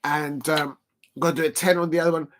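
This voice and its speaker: A man hosting a casual live football watch-along, chatty and excitable, counting exercise reps between remarks and shouting at big moments. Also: fairly high pitch, fast talker. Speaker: livestream watch-along host.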